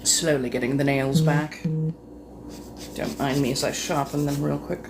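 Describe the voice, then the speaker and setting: A woman's voice: sits low, measured pace. A woman chatting casually with viewers on a live stream, teasing and flirty, full of innuendo and muttered asides. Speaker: livestream host. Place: home. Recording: steady room noise behind voice.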